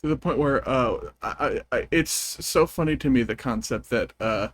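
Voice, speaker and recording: A man's voice: mid-range voice, moderate pace, dry recording. A man streaming a game, chatting in a rambling, amused way as he tells stories. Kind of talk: casual chat while gaming.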